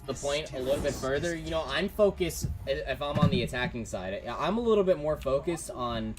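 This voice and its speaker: A man casting an esports match, shouting on big plays and laid-back in the banter between. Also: mid-range voice, expressive, brisk, over music. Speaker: esports caster. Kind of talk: esports play-by-play commentary.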